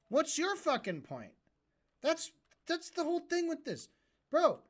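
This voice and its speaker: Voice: mid-range voice, sing-song, normal speed, fairly bright tone. A streamer reacting to a debate, ranting and mocking in a profane voice.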